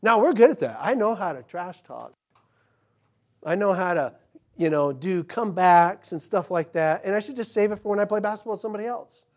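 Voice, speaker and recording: A male pastor preaching a sermon in church, talking conversationally and swinging from loud emphasis to hushed, quiet passages. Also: sits high, expressive, a little fast.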